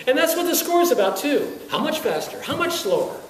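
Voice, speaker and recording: Animated male band clinician, echoey distant room. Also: very high voice, a little fast, a crowd in the background. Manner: animated, asks many rhetorical questions; chuckles often. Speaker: wind band conductor giving a clinic. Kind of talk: lecture to music teachers. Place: lecture room at a teaching workshop. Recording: echoey room, heard from a distance, faint hiss.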